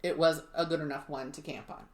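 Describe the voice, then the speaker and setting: A woman's voice: low voice, steady tone, fairly quick, echoey room. A woman co-hosting a podcast, telling a true mystery story in a chatty way with wry asides. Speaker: podcast co-host.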